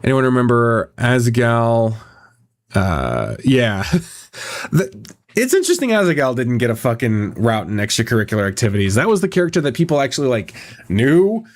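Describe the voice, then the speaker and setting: A man's voice: mid-range voice, very animated, normal speed. A man chatting casually on a live stream, rambling, swearing often and reacting to chat as a visual novel voice actor.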